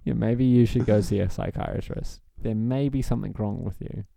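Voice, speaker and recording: Male podcast co-host, gravelly, jokey and rambling, dry close sound. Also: on the low side, moderate pace, dark tone, dry recording. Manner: jokey, rambling, laughs often. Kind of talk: casual comedic chat.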